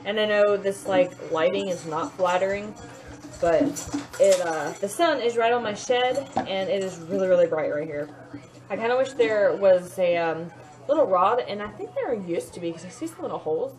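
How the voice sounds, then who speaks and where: A woman's voice: mid-range voice, lively intonation, normal speed, darkish tone, soft background music. A woman with a Southern US accent, chatting to camera in a home vlog in a rambling way, full of fillers. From Mississippi, US. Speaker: vlogger. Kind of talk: casual chat to camera. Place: home kitchen, indoors.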